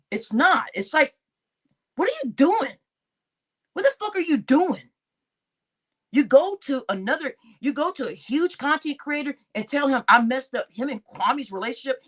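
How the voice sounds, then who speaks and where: High-pitched angry woman ranting. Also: a bit bright. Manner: angry, profane, repeats herself. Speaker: livestream host. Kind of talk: heated livestream rant.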